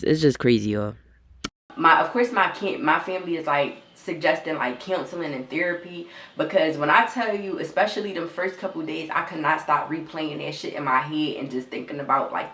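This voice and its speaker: Young woman vlogger, low voice, near tears, raw and repetitive, echoey room. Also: sharp tone. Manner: raw, repetitive, swears often, talks straight to viewers. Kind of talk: emotional storytime vlog.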